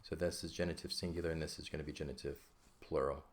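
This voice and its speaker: Low-voiced man teaching a grammar lesson. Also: fairly even intonation, quick pace. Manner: patient, repeats points, checks in with "okay?". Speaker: Greek teacher. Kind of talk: casual lesson explaining grammar.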